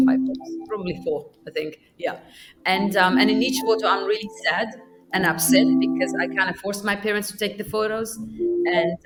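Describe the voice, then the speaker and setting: A woman from Iraqi Kurdistan whose first language is Kurdish, a podcast guest telling personal stories in a lively way, often repeating words as she restarts. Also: medium pitch, poor audio. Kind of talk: personal storytelling.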